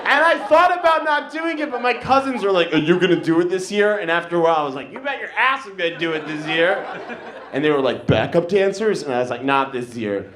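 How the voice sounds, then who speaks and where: A man's voice: high voice, very animated, fast talker, fairly bright tone. A young man on stage telling stand-up stories in a dry, conversational way. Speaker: stand-up comedian. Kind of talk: stand-up storytelling. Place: live comedy stage. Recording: echoey room with background noise.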